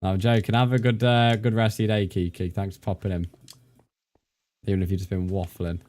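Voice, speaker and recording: Low-voiced man rambling on stream. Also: little pitch movement, a little fast. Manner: rambling, chatty, thanks viewers warmly by name. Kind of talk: casual live-stream chat while gaming.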